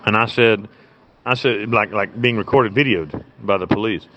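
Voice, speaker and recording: Here a man with a fairly low, sharp-toned voice talks at a moderate pace. He's an American inmate being interviewed by cell phone from his cell, rambling through profane, blunt stories and frequently starting over, on a muffled, faintly noisy low-fidelity line.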